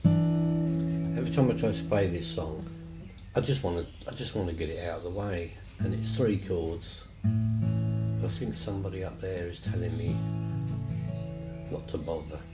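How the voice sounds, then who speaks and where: A man's voice: low voice, measured pace, long pauses, roomy sound, loud music behind the voice, rough recording. A man telling stories casually, rambling and chatty with lots of fillers. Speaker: vlogger. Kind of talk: casual storytelling.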